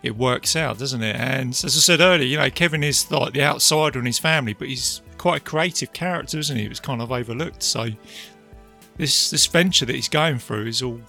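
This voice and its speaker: A chatty man on a casual film podcast who keeps tossing in tag questions. His voice is bright, with a gravelly edge. Faint music sits underneath. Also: medium pitch, brisk. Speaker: podcast co-host.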